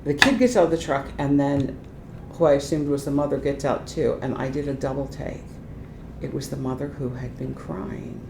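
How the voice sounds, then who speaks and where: An older woman, a retired transition specialist, telling lively anecdotes in an oral history interview. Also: moderate pace, creaky. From Ohio, United States. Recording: echoey room with faint rumble.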